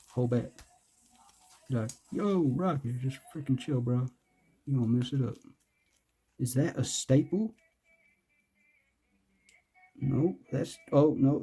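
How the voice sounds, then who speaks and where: A man's voice: mid-range voice, warm tone. A man doing casual, rambling unboxing commentary, joking, hyping himself up and cursing. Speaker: vlogger.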